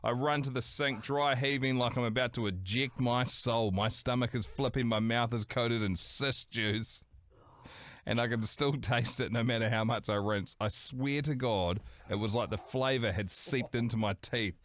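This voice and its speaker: A man's voice: mid-range voice, moderate pace, fairly bright tone. A man co-hosting a podcast, reading listener stories aloud with lots of swearing and dramatic flair. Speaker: podcast co-host.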